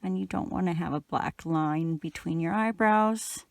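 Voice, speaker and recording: Woman, middle-aged, crafting tutorial, slightly gravelly, dry sound, chatty. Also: on the low side, measured pace, dry recording. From Canada. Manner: chatty and relaxed, talking while working. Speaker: crochet instructor.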